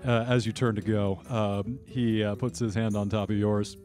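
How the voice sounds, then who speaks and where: Man game master, narrating, low voice, mellow tone. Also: little pitch movement, moderate pace, soft background music.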